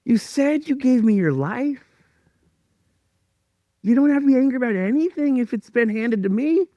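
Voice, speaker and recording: A man voicing God as a gentle, patient male voice, calm and reassuring, within his sermon storytelling. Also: very high-pitched, moderate pace, no echo, muffled recording, pitched above the performer's own voice. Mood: gentle reassurance.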